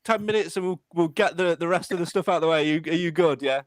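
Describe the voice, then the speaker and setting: A man's voice: a little high, fast, dry recording. A man hosting a live podcast, talking in a chatty, rambling way with many restarts. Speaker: podcast host.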